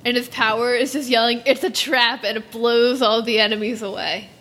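A teenage girl chatting casually as a podcast co-host, rambling and giggly, telling animated stories. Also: fairly high pitch, fairly quick. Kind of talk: casual fan chat.

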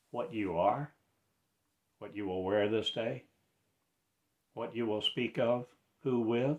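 A man delivering a rambling prophetic monologue in a slow, incantatory way, breaking into loud proclamations. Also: fairly low pitch, steady tone, lo-fi sound.

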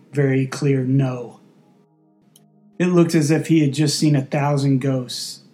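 A man narrating a story in a steady, deadpan way. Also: a little high.

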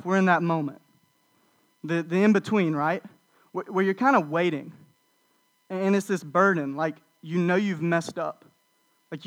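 A young man giving a college ministry sermon, telling personal stories in a casual, animated way with lots of fillers. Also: sits high. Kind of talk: storytelling sermon.

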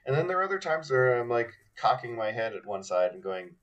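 A man co-hosting a faith podcast, talking casually and haltingly, with many fillers and restarts as he thinks aloud. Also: mid-range voice, big pitch swings, a bit bright, far from the mic, muffled recording. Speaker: podcast co-host.

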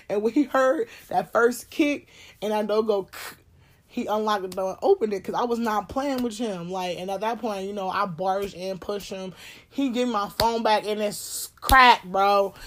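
A woman, telling a personal story in a blunt, animated way, swearing and laughing often. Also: mid-range voice. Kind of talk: casual storytime chat.

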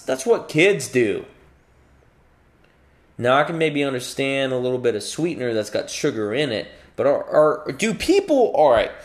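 Casting: man, mid-pitched, very lively intonation, profane comic rant. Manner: profane, animated, acts out voices mid-rant. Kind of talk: comedic rant.

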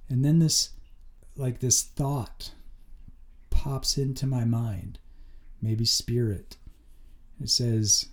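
A man's voice: medium pitch, a little mellow. A man hosting his own show, telling a personal story in an earnest, conversational way with lots of casual fillers. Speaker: podcast host. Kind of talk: personal reflective monologue.

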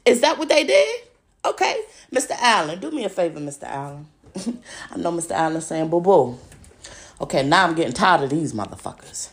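A woman's voice: lowish voice, big pitch swings, fairly quick. A woman hosting a podcast, ranting angrily, swearing a lot and mocking her opponents over and over. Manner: profane, mocking, repeats insults. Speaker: podcast host. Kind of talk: angry ranting monologue.

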